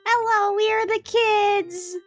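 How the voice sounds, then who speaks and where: A woman's voice: very high voice, fairly even intonation, takes it slowly, dry recording, faint music behind, voice pushed up. A woman voicing a pair of rude little beach kids who make childish threats. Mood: menacing.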